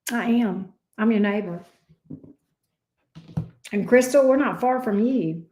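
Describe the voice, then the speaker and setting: A woman's voice: a little high, slow, darkish tone. A woman with a Southern US drawl, chatting casually with viewers as a tarot reader hosting a livestream and calling them pet names. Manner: chatty, uses endearments like babes and love bug. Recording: echoey room sound.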